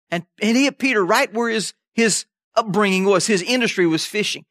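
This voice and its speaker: High-voiced preacher man, dry sound. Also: fairly quick, hardly any pauses, a bit bright, no room sound. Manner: conversational preaching with call-outs to the congregation. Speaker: pastor. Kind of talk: sermon.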